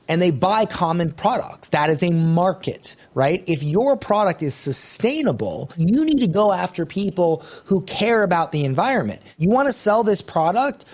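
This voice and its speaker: Blunt, fast-talking male business coach. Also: high-pitched, darkish tone. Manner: blunt, rapid, salesy. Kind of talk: live coaching session.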